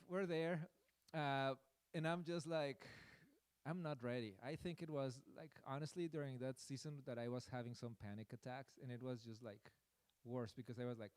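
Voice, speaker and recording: A man's voice: mid-range voice, clean tone, no echo. A man preaching a sermon through a personal story, in a rambling, self-deprecating way with many fillers.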